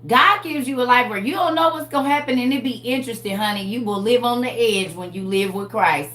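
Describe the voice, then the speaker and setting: A woman in her forties preaching casually to her viewers about her faith, animated and laughing often, calling them y'all. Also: on the high side, a little fast. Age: 40s. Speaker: vlogger sharing faith. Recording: roomy echo.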